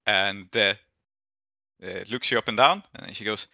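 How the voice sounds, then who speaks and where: A man's voice: lowish voice, normal speed, creaky, bright, forceful tone, no echo. A man narrating a tabletop game as game master, in a casual, hesitant way with many fillers. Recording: dull, lo-fi and dry.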